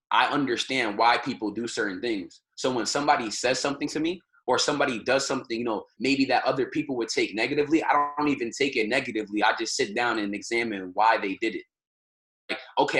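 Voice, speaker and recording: On a group call, a trading community's leader speaks in a mid-range, somewhat bright voice. His motivational lesson is informal, full of repeated phrases, with "right?" tacked onto almost every point.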